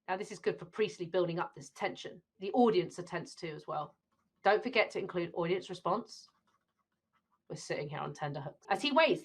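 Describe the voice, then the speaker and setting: A woman's voice: lowish voice, breathy edge. British woman English teacher, revision video, chatty, talks straight to viewers. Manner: alternates reading play lines with explanation; chatty, addresses viewers directly. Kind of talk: exam revision lesson.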